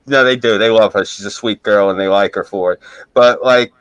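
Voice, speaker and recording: A man chatting casually on a live stream, spinning animated stories and acting out the people in them. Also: on the low side, a little fast, clean tone, no echo, low-quality recording. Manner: animated storyteller who acts out the people in his stories. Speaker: guest storyteller.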